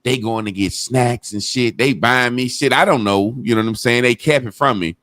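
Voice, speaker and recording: Profane, animated male storyteller. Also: mid-range voice, moderate pace, no room sound. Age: adult. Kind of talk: casual storytelling chat.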